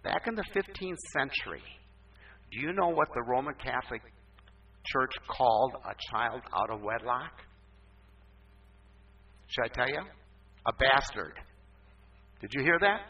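A male pastor telling a story in a sermon, emphatic and animated, with sudden upward swoops in pitch. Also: a little slow, long pauses, breathy edge. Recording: distant, dull, muffled recording.

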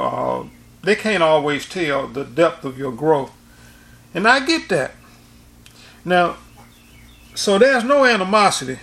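A man's voice: a little high, a bit bright. A man preaching informally and recounting a dream, rambling with frequent restarts and repeated words. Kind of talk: informal sermon and dream testimony.

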